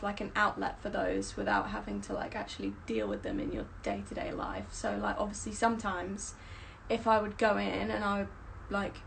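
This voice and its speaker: A woman's voice: medium pitch, creaky, fairly bright tone, slight background noise, rough recording. A young woman, a stage performer, rambling chattily with lots of fillers on a casual live stream.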